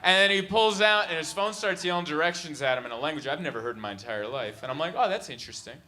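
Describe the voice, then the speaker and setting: A man in his thirties doing stand-up in a club, telling stories in an animated, exasperated way on a handheld mic. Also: fairly high pitch, fast. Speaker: stand-up comedian. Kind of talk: stand-up comedy storytelling. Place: comedy club stage. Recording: live club recording with background noise.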